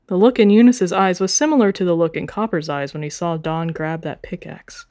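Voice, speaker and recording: A woman's voice: fairly low pitch, brisk, few pauses, mellow. A woman hosting a podcast, reading a fan story aloud with playful, swearing asides.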